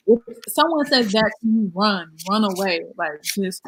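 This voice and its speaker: Animated woman host telling stories. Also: medium pitch, a little slow, slight background noise. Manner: animated, acts out quoted people. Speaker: YouTube host. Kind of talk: casual chat, storytelling.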